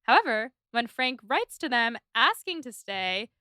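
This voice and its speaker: A woman's voice: a little high, big pitch swings, measured pace, bright, forceful tone, smooth, no room sound, clean studio sound. A woman co-hosting a podcast, recapping a novel in a chatty, casual way with frequent laughs and lots of "like". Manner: chatty, laughing, many likes. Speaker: podcast co-host. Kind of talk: casual book discussion.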